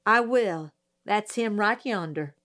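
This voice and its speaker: A woman's voice: mid-range voice, slow, a bit bright. A woman reading an audiobook, voicing a young poor Southern woman on the witness stand who is defensive, flustered and angry. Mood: raging. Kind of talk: audiobook character voice.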